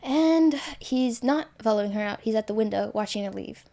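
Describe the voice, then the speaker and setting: A woman's voice: on the high side, animated, moderate pace, creaky, dark tone. Rambling young woman telling a story. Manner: rambling, many fillers and self-corrections. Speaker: guest author. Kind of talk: casual storytelling.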